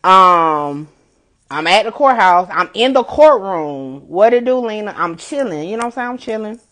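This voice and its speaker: A woman blogger recounts events in loose, casual talk. She swears freely and doubles back on her own phrases for emphasis. Her voice sits at an ordinary middle pitch. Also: normal speed. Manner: animated, profane, repeats herself for emphasis. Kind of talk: casual livestream storytelling.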